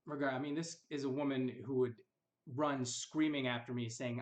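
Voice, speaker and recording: A young man talks straight to the camera about his past. His delivery is casual and rambling, with a bitter edge, and his voice sits in an ordinary middle pitch. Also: steady tone, moderate pace. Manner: bitter, rambling, quotes others in mocking voices. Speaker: vlogger recounting family history. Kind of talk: casual personal storytelling.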